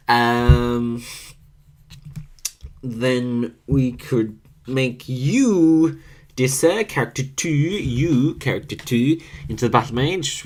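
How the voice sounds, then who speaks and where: A man thinking aloud in a halting, musing way as he rolls dice and invents characters for a video. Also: medium pitch. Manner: musing, halting, self-correcting. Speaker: video creator.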